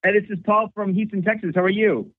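A male caller to a radio show, high-pitched and talking fast in an eager, friendly way. His voice comes through a tinny, dry phone line. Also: fairly even intonation. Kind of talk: phone-in chat.

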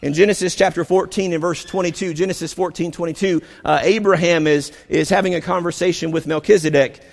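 A man's voice: on the high side, fairly even intonation, vocal fry. Emphatic preaching man, hall reverb. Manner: emphatic preaching with repetitions and dramatic slowdowns. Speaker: pastor. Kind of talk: sermon.

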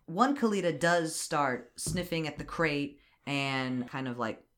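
Brief: an excitable host retelling a film plot with loose, swearing chat. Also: mid-range voice, unhurried. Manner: chatty, animated, swears freely. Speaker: podcast host. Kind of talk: casual movie recap.

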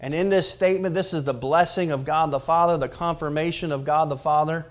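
A man's voice: a little high, fairly even intonation, brisk. Man, pastor, preaching sermon, rising and falling emphasis, questions to congregation. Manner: swings between loud emphatic rises and quiet drops.

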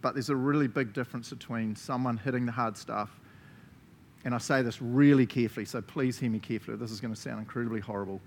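Animated New Zealand pastor preaching. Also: male voice, mid-range voice, fast talker, a little hiss or hum. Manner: animated, laughs often between phrases; talks straight to listeners with frequent "right?" checks. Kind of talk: sermon.

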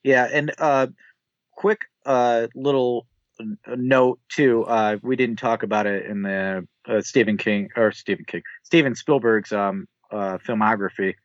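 Lowish relaxed man on a podcast. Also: unhurried, dry recording, muffled recording. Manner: loose and conversational, frequent "like" fillers. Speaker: podcast co-host. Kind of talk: casual film chat.

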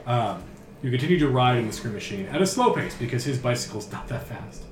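A man working as game master, narrating a tabletop game in a descriptive, unhurried way with filler words. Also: medium pitch, animated, slight background noise. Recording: roomy echo with faint music.

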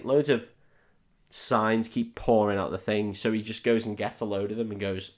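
A man's voice: lowish voice, steady tone, normal speed. A man co-hosting a podcast, recapping a film in crude, sweary, laughing storytelling. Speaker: podcast co-host.

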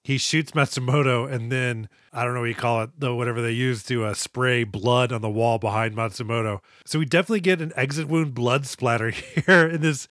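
A man's voice: medium pitch, steady tone, brisk, hardly any pauses, fairly bright tone, no echo, studio quality. A man co-hosting a podcast, retelling a movie in a casual, profane and laughing way. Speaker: podcast co-host. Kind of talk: casual movie-review chat.

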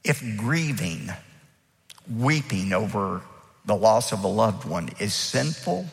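Gravelly-voiced guy preaching hard, swings his pitch all over, acts out the quotes. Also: big pitch swings, slow pace, in a large hall. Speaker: pastor. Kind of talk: sermon.

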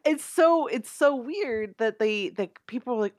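A woman co-hosting a podcast, talking in an animated, opinionated way. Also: a little high, a little slow, hardly any pauses, no room sound, studio quality. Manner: animated and opinionated, laughs often. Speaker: podcast co-host. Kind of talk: casual podcast chat.

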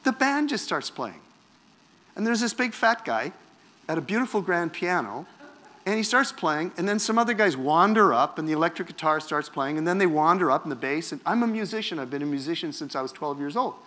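A man's voice: a little high, fairly quick. A man from Canada, preaching a personal testimony in a wry, self-mocking storytelling manner. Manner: animated, wry, self-mocking storyteller who acts out quotes.

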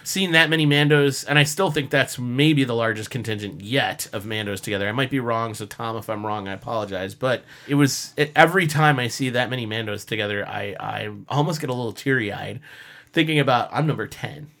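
Man, casual chat, animated storyteller, bright tense voice, laughs often. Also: medium pitch, a little fast. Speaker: podcast co-host, costumer.

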